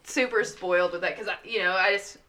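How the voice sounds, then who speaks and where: A woman's voice: medium pitch, brisk, bright, forceful tone. A woman chatting casually on a podcast, telling family stories with many filler words. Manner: chatty storyteller, lots of "like" fillers. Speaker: guest.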